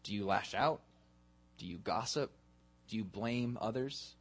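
A man's voice: on the low side, unhurried, husky. A man preaching a sermon in a church, asking his congregation earnest questions. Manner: earnest questioning, building to a led prayer. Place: church sanctuary.

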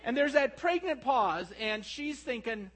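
A middle-aged male preacher with a notably high-pitched voice delivers a sermon. He slips from quiet, hushed reflection into lively, animated storytelling. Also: a little slow, low-quality recording.

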